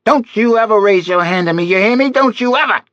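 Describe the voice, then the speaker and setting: A male narrator voicing a cruel old woman who holds a child captive, shouting snarled threats. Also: high voice, unhurried, lo-fi sound, voice pushed up. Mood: enraged.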